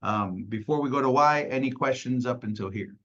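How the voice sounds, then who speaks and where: A man's voice: mid-range voice, a little fast, a bit bright, highs cut off. A man leading a casual sales training call, talking conversationally and acting out clients, with many "right?" tags.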